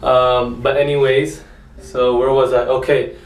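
A young man, a student, chatting casually to his vlog viewers in a relaxed, rambling way. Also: mid-range voice, a little slow, far from the mic, a little hiss or hum. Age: young adult. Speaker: vlogger. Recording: roomy and off-mic.

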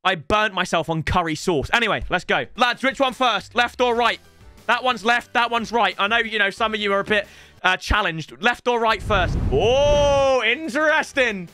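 A young man chatting casually to viewers while unboxing football cards, excitable and rambling with jokey asides. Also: sits high, normal speed, soft background music. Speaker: football gaming YouTuber.

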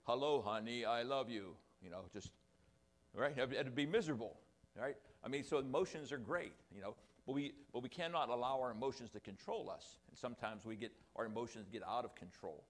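A man's voice: medium pitch, brisk. An older man preaching a sermon to his congregation, with rambling, self-deprecating asides. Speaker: pastor. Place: church sanctuary.

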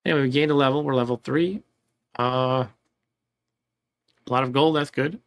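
A man in a mid-pitched voice chats his way through a retro game playthrough. He rambles in a relaxed way, chuckles at the game's oddities and reads its text aloud as he goes. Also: normal speed. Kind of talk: casual let's-play commentary.

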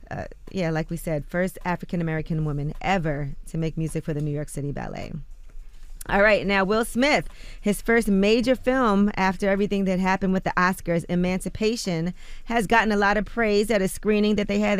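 A woman's voice: on the low side, clear, resonant tone, no echo. Woman reading radio rumor news. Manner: chatty, reads quotes aloud with loose fillers. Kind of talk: radio morning show news read. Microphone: studio microphone.

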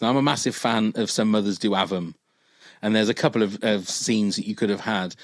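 A British man hosting a casual podcast, recounting scenes and laughing easily as he goes. His voice sits in a middle pitch. The sound is dry and close, with no room around it. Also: dry recording. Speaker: podcast host. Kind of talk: casual chat.

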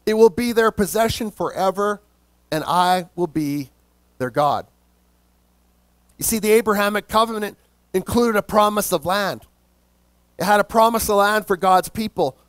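Delivering a sermon, a pastor with a high, clear, resonant voice draws out key words for emphasis and prompts the congregation to respond. The recording is dry.

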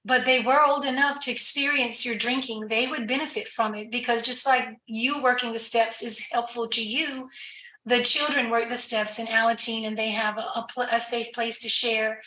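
A woman's voice: on the high side, fairly even intonation, normal speed, pushed and bright, echoey room, poor audio. A woman guest on a podcast interview, explaining earnestly in a conversational way, with fillers and restarts. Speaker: guest addiction recovery professional.

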